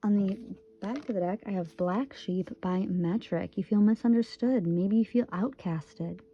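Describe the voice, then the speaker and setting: A woman's voice: mid-range voice, unhurried, husky, lo-fi sound. A woman in her twenties from Michigan, giving a casual, earnest tarot reading and repeating phrases for emphasis. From Michigan, USA. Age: 20s. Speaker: tarot reader.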